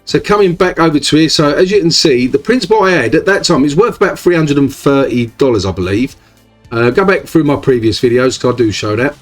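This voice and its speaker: A man's voice: on the high side, expressive, fairly quick, faint music behind. A man giving casual screen-share commentary for his crypto channel, rambling along with lots of fillers and tag questions. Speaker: crypto YouTuber.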